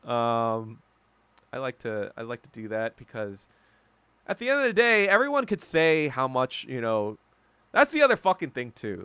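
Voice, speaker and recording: Animated, heated ranting man. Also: mid-range voice, smooth, no room sound. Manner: heated, profane, emphatic ranting. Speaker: podcast host. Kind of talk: solo ranting commentary.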